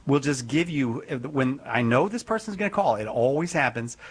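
A man's voice: medium pitch, lively intonation, normal speed, breathy edge. A man hosts a live call-in radio program. He chats easily and jokes with guests and callers. His talk is loose and conversational. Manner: chatty, joking, reads out phone number. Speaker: radio call-in show host.

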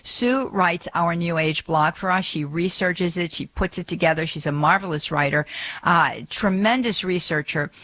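A woman hosting a radio talk show who chats with high energy, with plenty of fillers and restarts, speaking from a studio microphone. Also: moderate pace, fairly bright tone. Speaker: radio host.

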